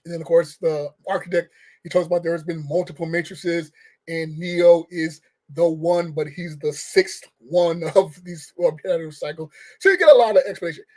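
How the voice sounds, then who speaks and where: A man's voice: fairly high pitch, normal speed, darkish tone. A man giving a casual, rambling movie review rant, firing off questions with restarts and short laughs. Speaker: film reviewer.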